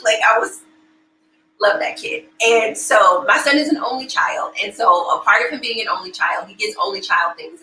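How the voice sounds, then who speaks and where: A middle-aged woman giving a motivational talk, telling a family story and acting out the voices with big jumps in pitch. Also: sharp tone. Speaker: motivational speaker. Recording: echoey hall with faint noise.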